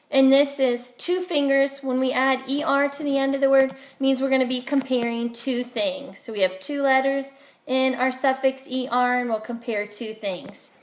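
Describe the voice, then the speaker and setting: A woman teacher giving a phonics lesson to young children, slowly and clearly sounding out letters and syllables. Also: high-pitched, roomy sound.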